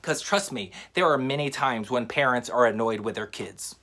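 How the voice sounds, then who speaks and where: A man teaching a magic trick in a relaxed, chatty how-to style, with frequent fillers. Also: medium pitch, normal speed. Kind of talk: casual how-to tutorial.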